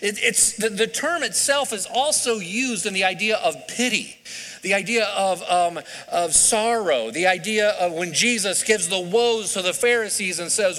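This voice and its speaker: Pastor, male, high bright voice, conversational sermon delivery, asks the room questions, long hall reverb. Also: animated, normal speed.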